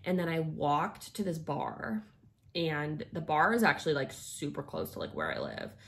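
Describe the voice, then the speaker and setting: Low, gravelly woman rambling through a story. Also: very animated, moderate pace, a bit bright. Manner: rambling, heavy use of filler words. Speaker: vlogger. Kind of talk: personal storytelling.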